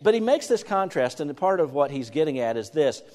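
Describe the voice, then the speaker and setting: A man's voice: fairly high pitch, sing-song, brisk, a little mellow. A middle-aged man preaching a sermon, talking conversationally and acting out the voices of worried parents. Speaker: pastor. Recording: long reverb of a church hall.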